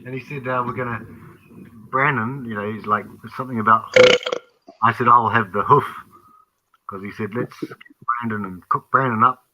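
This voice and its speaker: A man retelling a funny story in a casual group voice chat, halting often. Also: mid-range voice, steady tone. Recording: muffled voice chat with faint hiss.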